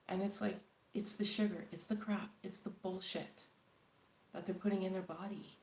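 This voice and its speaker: A woman's voice: medium pitch, level tone, brisk, a little mellow, echoey room, poor audio. A woman from Canada talking casually and earnestly on a live stream, rambling with many fillers and pleading at times. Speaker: spiritual channel host.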